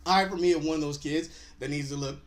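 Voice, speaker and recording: A man's voice: fairly high pitch, steady tone, fast. Laughing, chatty man recapping an episode. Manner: chatty, laughs often while retelling scenes. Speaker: host.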